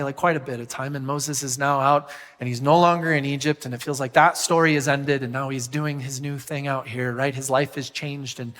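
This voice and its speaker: A man preaching a sermon as pastor, animated and often putting questions to the congregation. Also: mid-range voice, long reverb tail. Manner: animated, asks the crowd questions.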